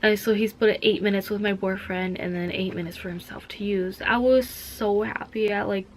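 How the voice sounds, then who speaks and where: A woman's voice: medium pitch, fairly even intonation, moderate pace, a little hiss or hum. A young woman from Minnesota talking casually to camera in a vlog, rambling with lots of "like" fillers. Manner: rambling, heavy use of "like". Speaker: vlogger. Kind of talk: casual chat.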